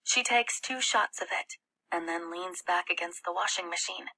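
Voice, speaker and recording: A woman reading a novel aloud, slow and careful in her storytelling. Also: on the low side, bright, forceful tone. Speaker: audiobook reader.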